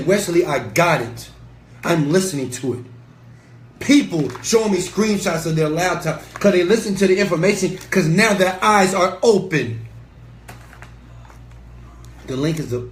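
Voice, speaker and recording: A man giving a passionate, preachy motivational talk to camera as an entrepreneur and mentor, emphatic and sometimes swearing. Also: a little high. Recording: echoey room with faint ambient noise.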